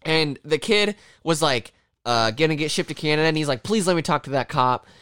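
A man casually recapping a film in a rambling, profane way, often slipping into quick quoted voices of the characters. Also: a little high, expressive, a bit bright, smooth, no echo, studio quality.

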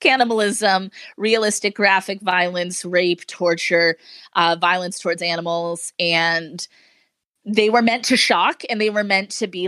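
A chatty woman co-hosting a podcast, talking casually and tossing in wry asides. Her voice sits at an ordinary middle pitch. The sound is dry and close, with no room echo. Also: fairly bright tone. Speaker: podcast co-host. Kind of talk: casual chat.

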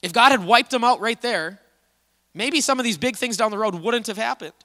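A male pastor with a high, bright voice delivers a casual, conversational sermon, telling the story with lively energy. His words ring out with a long hall reverb behind them. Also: a little fast.

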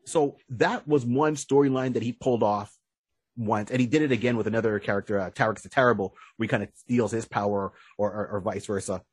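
Husky man co-host, animated storyteller, dry close mic. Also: fairly low pitch, brisk, no echo. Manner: animated storyteller, acts out characters' lines. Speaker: podcast co-host. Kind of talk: casual chat.

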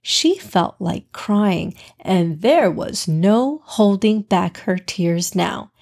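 A woman narrating a children's storybook in a calm, measured way. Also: medium pitch, creaky.

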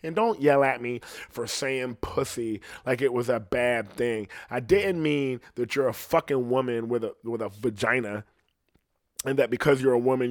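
A man's voice: mid-range voice, dry recording, studio quality. A man doing a stand-up comedy monologue, rambling and swearing constantly. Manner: profane, rambling, fast.

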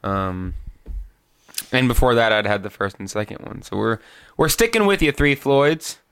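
A man's voice: mid-range voice, expressive, normal speed, fairly bright tone, clean tone. Laid-back man hosting a beer-tasting podcast. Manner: laid-back, joking, steers the talk. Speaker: podcast host. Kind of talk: casual beer-tasting chat.

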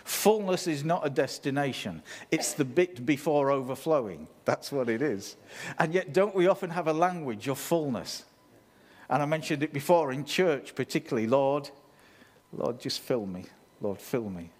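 At a moderate pace and slightly high pitch, a man preaches animatedly, chatting with the congregation through asides as he goes.

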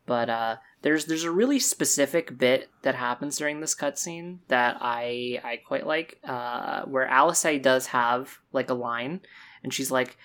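A woman co-hosting a casual discussion about a video game's story, talking in an animated way with quick asides. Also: very deep voice. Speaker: podcast co-host.

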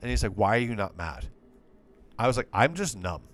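This sports podcast co-host has a lowish, sing-song voice and a brisk delivery. He rambles through casual chat, exasperated and swearing freely.

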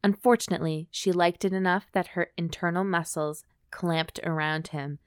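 A woman's voice: lowish voice, steady tone, moderate pace, smooth, dry recording, studio quality. A woman co-hosting a podcast, reading a romance novel aloud steadily and breaking off for wry jokes. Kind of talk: dramatic reading with joking commentary.

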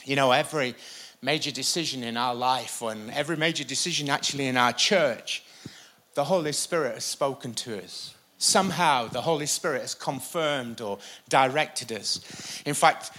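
A pastor delivering a sermon from a church stage, preaching with animated emphasis and occasional jokes. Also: male voice, medium pitch, normal speed.

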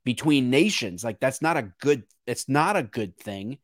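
A man's voice: mid-range voice, lively intonation, normal speed, no room sound, clean studio sound. A man co-hosting a podcast, talking through political issues in an earnest, searching way with frequent restarts. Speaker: podcast co-host. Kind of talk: casual political discussion.

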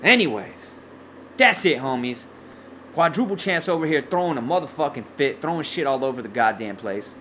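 A man hosting his own podcast, ranting loudly with lots of swearing and slang, stumbling over restarts, short of breath with a sore throat. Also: medium pitch, expressive, normal speed, a little hiss or hum. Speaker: podcast host. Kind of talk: profane solo podcast rant.

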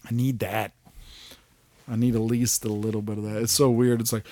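A man co-hosting a podcast in casual chat, retelling scenes with sudden jumps into loud, high voices and casual swearing. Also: brisk, dry recording. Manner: animated storyteller, acts out scenes with big pitch jumps, swears. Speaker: podcast co-host.

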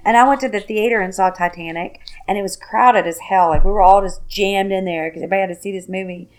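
Chatty woman co-host, animated storyteller, casual talk. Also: medium pitch, quick pace. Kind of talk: casual chat.

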